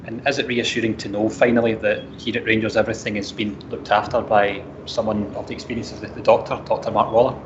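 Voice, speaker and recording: Interviewer, rapid flat questions, low voice, noisy lo-fi clip. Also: male voice. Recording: dull lo-fi with noisy background.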